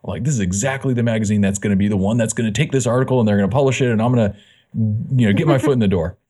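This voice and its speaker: Speaking at a racing clip with a lowish tone, this man recounts his own story as a guest on a casual interview. He edits a fitness magazine and brings quoted lines to life, acting them out with plenty of energy.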